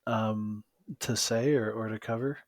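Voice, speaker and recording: A man's voice: fairly low pitch, steady tone, unhurried. A man hosting a podcast interview, talking hesitantly with many fillers. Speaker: podcast host. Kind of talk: casual conversational interview.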